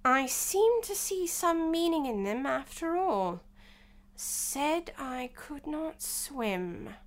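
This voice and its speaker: Woman doing a pompous card king, storybook, slow muttering, lively ups and downs. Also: high-pitched, pitched above the performer's own voice, exaggerated voice. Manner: slow, muttering, self-satisfied. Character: fussy, pompous king of cards, man.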